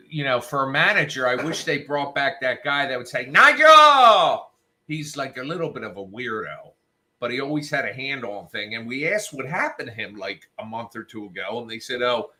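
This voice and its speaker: A man's voice: medium pitch, pushed and bright. A man hosting a show, telling a story in a casual, profane, worked-up rant and quoting people in raised voices. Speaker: show host.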